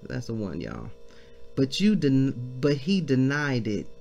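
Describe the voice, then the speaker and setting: A woman leading a devotional Bible reading. She comments excitedly as she reads and calls her listeners family. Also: a bass voice, slow, creaky, soft background music. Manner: exclaiming, addresses listeners as family. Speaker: devotional leader.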